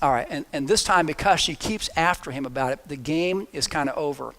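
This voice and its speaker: A man preaching a sermon with a high-pitched voice. He tells the story casually and jokes along the way, with a storytelling manner. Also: fairly quick, fairly bright tone. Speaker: pastor.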